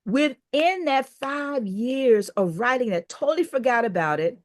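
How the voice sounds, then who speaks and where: A woman's voice: high voice, measured pace. An older woman, a business owner, telling a story as a podcast guest and acting out the people she quotes. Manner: animated storyteller who acts out quoted dialogue. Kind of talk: storytelling in an interview.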